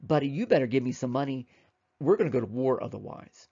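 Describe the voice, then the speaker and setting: A man's voice: medium pitch, lively intonation, fast, vocal fry, dark tone, husky, lo-fi sound. A man lecturing puts on the voice of an arrogant male French statesman who scolds and makes demands. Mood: threatening. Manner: blustering, contemptuous, demanding.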